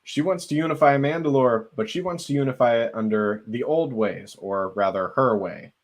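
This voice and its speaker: A man co-hosting a podcast earnestly lays out a fan theory at length during a casual conversation. He speaks at medium pitch and normal speed.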